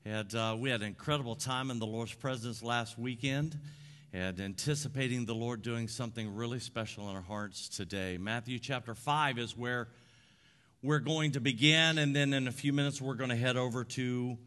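A man's voice: medium pitch, moderate pace, a bit bright. A male pastor preaching a sermon, leading prayer and building emphasis as he calls on the congregation to respond. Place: church sanctuary. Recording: long hall reverb.

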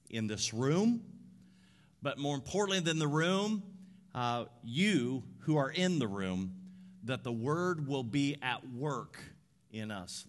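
A male pastor preaching a sermon, leading prayer and building emphasis as he calls on the congregation to respond. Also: medium pitch. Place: church sanctuary. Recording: long hall reverb.

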